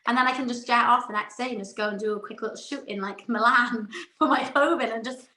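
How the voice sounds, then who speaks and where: A woman's voice: fairly high pitch, fast, sharp tone, reverberant. A woman in her twenties, a podcast guest chatting casually, giggly and self-deprecating. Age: 20s. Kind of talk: casual chat.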